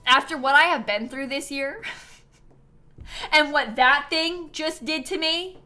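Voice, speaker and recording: A young woman hosts a live game stream, chatting casually and reading out donations. Her voice is bright and a little high, and she laughs often and teases herself. Faint game music plays underneath. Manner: chatty, self-mocking, laughs often, reads donations aloud.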